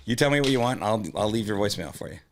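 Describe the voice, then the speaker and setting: Laid-back joking man, comedy podcast co-host, low gravelly voice. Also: animated, racing. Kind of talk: casual comedic chat.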